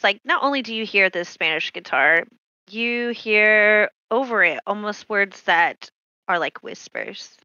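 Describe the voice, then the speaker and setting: A woman narrating a tabletop horror game as game master, unhurried and hesitant with many fillers. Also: mid-range voice, pushed and bright, dry recording, lo-fi sound.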